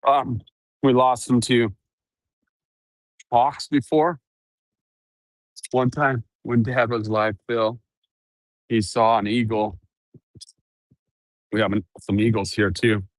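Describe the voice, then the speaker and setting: A man's voice: fairly even intonation, takes it slowly, pauses often, no echo, clean studio sound. Chatty man on earbuds mic outdoors. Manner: chatty, laughs often, talks to his dogs in a high coaxing voice. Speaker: vlogger on his ranch. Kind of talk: casual walk-around vlog. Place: outdoors on a ranch.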